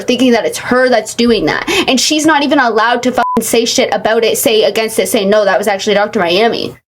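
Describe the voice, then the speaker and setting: A woman reacting to a clip in casual commentary, swearing often and ranting in exasperation. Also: on the high side. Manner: swearing, exasperated, fast rants. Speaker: commentary YouTuber.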